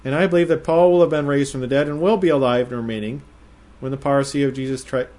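A man giving verse-by-verse Bible teaching in a measured, explanatory way, slowing down to stress quoted phrases. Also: mid-range voice, steady tone, darkish tone.

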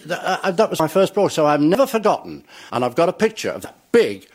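Older entertainer telling chuckling anecdotes. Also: male voice, fairly high pitch, quick pace. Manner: chuckling, animated, acts out the people in his stories. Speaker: entertainer recalling his career. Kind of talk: anecdotal storytelling.

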